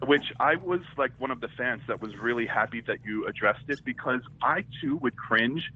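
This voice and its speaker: A man's voice: mid-range voice, animated, normal speed, slightly rough. A man from New York calling in to a live show, chatty and enthusiastic as he makes a comment. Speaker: caller. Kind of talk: casual call-in comment. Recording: dull lo-fi phone call.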